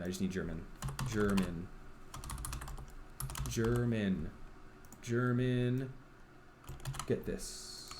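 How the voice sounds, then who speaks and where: A man's voice: on the low side, slight background noise. A man streaming while he works on a game, thinking aloud in a rambling way with many ums and restarts. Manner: rambling, self-talking, full of ums and restarts.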